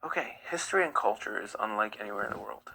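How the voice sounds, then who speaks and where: A man's voice: lowish voice, animated, quick pace, vocal fry, pushed and bright, slight background noise, low-quality recording. A man hosting a live stream, reading chat comments aloud and answering them bluntly. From United States. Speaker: livestream host.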